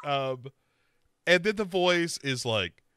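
Here a man co-hosting a podcast goes over a horror series in a relaxed chat, animatedly voicing the characters' lines himself. His voice sits a little high, slow, clear, and resonant.

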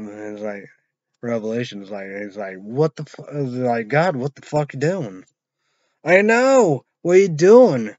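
A man's voice: a little high, a little mellow, no room sound, dull audio. A man rambling and swearing through a casual vlog, trailing off into mumbles. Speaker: vlogger reviewing an energy drink.

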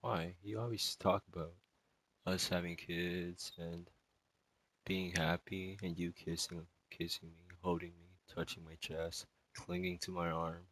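A distraught young male student in an emotional spoken monologue, rambling and halting, with many sighs and fillers. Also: deep voice, little pitch movement, a bit bright, dry recording, poor audio.

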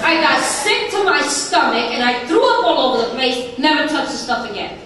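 High-voiced woman testifying in an echoey hall. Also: expressive, moderate pace, fairly bright tone, recorded from a distance, a faint crowd. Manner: emphatic, repetitive, rhythmic lists. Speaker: recovery meeting speaker. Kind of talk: personal testimony talk. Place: large conference hall.

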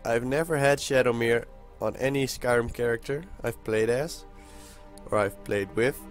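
A young man hosting a casual let's-play, excitable and chatty with his viewers, with a hoarse voice that keeps cracking. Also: medium pitch, moderate pace, faint music behind. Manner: excitable, talks to viewers while playing. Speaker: gaming channel host.

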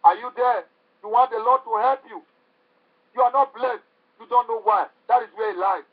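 A man's voice: very high-pitched, level tone, moderate pace. A man preaching a sermon with fervent, repetitive exhortation. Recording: tinny phone-like recording.

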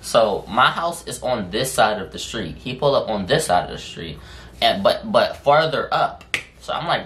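A man casually telling a story on his vlog in slangy, profane speech, full of fillers and drawn-out phrases. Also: on the low side, expressive, a bit bright, a little hiss or hum. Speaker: storytime vlogger. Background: music in the background.

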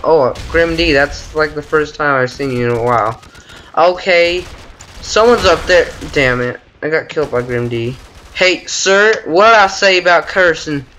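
Teen boy gaming commentator, bright tone, chatty trash talk, home desk mic with faint noise. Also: on the high side. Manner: chatty, trash-talking, frequent mild exclamations. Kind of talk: casual gameplay commentary. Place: bedroom at home.

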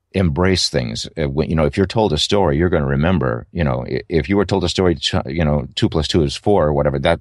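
A man's voice: very deep voice, no echo, clean studio sound. A middle-aged man, an audiobook narrator, giving thoughtful, rambling interview answers with many fillers and restarts.

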